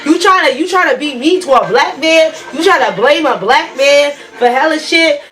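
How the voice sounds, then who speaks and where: A woman voicing a brash, smooth-talking young man who turns defensive, with slangy, smug pickup-line delivery. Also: high voice, expressive, moderate pace, fairly bright tone.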